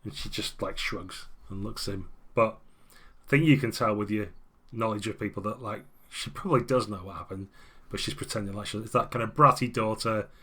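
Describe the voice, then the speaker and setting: Game master, bright voice. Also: male voice, on the low side, fairly even intonation, a little fast, breathy edge. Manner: descriptive, casual. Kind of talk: narrating a tabletop game.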